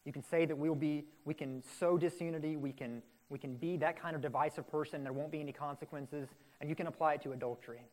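Man, pastor, sermon, earnest, emphatic, slightly high-pitched. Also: fairly even intonation, fast, few pauses, darkish tone. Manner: earnest, emphatic preaching with repetitions.

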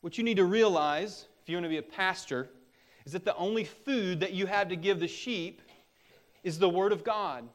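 A middle-aged man preaching a sermon as a pastor, earnest and exhorting, pressing harder on his warnings. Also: high-pitched.

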